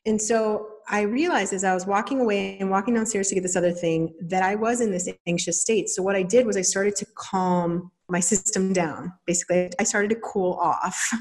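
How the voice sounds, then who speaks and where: Woman, 30s, podcast host, lively casual monologue, mid-pitched voice. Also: normal speed, hardly any pauses. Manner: animated, acts out quoted voices.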